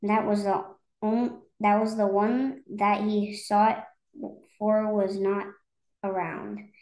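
A woman's voice: mid-range voice, steady tone, takes it slowly, a little mellow. Woman reading a rhyming story aloud. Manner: rhythmic, lilting. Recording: roomy echo.

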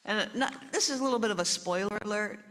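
Woman storytime reader, animated, chats with the kids between pages. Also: mid-range voice, racing. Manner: animated, chatty asides to kids. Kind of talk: reading a picture book aloud to children.

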